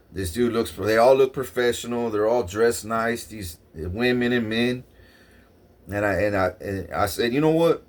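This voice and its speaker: A man vlogging a long rambling story in the first person, swearing often and restarting his sentences. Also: lowish voice. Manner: profane, repetitive restarts, excitable.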